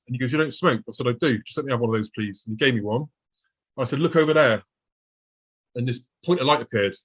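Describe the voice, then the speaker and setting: A man's voice: mid-range voice, fairly bright tone, husky. A man, a podcast guest telling an earnest, vivid story of his own experiences. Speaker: guest recounting UFO encounters. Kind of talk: personal storytelling.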